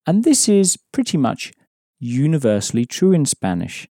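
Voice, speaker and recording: Male language tutor, mellow and steady, dry studio read, patient and explanatory. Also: a little high, moderate pace, no room sound. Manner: patient, explanatory, prompting the listener. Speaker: language teacher. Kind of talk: audio language lesson.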